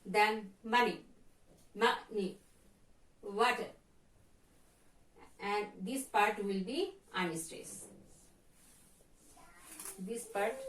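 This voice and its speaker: A woman teacher with a Bangladeshi accent works through a pronunciation lesson, saying each word two or three times. Her delivery is unhurried and her voice sits slightly high. She is heard from some distance in a room with a noticeable echo. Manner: repeats words for pronunciation drill. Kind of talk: slow classroom lesson. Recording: echoey room from far off.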